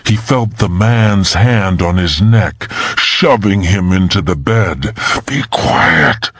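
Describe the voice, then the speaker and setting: A man's voice: takes it slowly, no echo, clean studio sound. A man narrating a thriller audiobook in a dramatic, tense manner. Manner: dramatic and tense, pitch climbing in the frightening moments.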